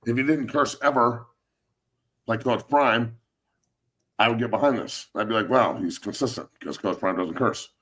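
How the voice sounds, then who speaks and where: A man's voice: mid-range voice, moderate pace, long pauses, fairly bright tone. A man hosting sports talk, a former football player who speaks bluntly and curses constantly in a rambling way. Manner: blunt, heavily profane, rambling.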